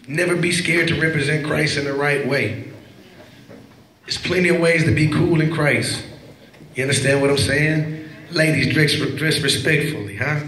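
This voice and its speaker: A man ministering to a youth crowd, joking and laughing as he preaches and leading shouted call-and-response. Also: on the high side, normal speed, a little hiss or hum. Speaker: Christian hip-hop minister. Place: large church at a youth event. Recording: echoey church hall with crowd. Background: crowd reacting.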